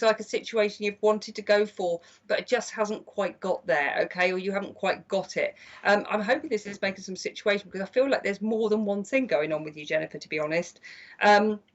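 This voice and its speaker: An older woman giving chatty, gentle psychic card readings on a live stream. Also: medium pitch. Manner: chatty and gentle, calls people "my lovely". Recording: slightly dull lo-fi stream audio.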